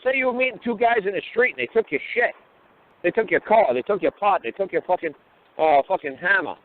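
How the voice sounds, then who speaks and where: A man's voice: sits high, expressive. Blunt profane man on a phone line. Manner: blunt, profane, rapid rhetorical questions. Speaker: talk show guest lecturer. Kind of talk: profane call-in talk.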